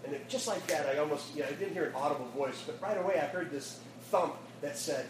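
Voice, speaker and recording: A man, a youth pastor, telling a lively story in a sermon and acting out the voices, laughing as he goes, then closing in prayer. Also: fairly high pitch, quick pace. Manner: animated storyteller, acts out quotes, laughs often. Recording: echoey room, distant mic, audible noise.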